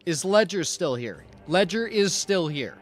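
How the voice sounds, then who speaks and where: A man's voice: high-pitched, big pitch swings, measured pace, soft background music. A man from Canada running a tabletop role-play stream as game master, often restarting to check the players' choices.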